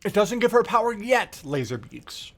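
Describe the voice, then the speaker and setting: A man streaming a joking, profane recap of a video game's story, in a lively, animated way. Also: high voice, normal speed, creaky, soft background music. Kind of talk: comedic game-lore recap.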